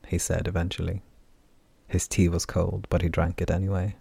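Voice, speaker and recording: A man narrating a fantasy audiobook in a calm, even storytelling manner. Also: low-pitched, normal speed, vocal fry, slightly rough, no echo.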